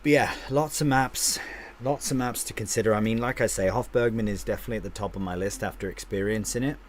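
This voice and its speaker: Low-voiced chatty male game streamer. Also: fast, slight background noise. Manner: chatty, replies to chat comments aloud, restarts sentences. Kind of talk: casual live-stream chat with viewers.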